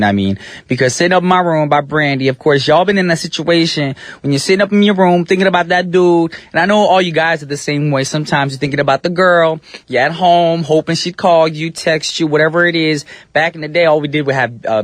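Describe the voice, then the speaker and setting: A man's voice: medium pitch, no echo. A male radio DJ hosting his show in a studio, talking in an upbeat, chatty, slangy way. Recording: radio broadcast with faint music beds.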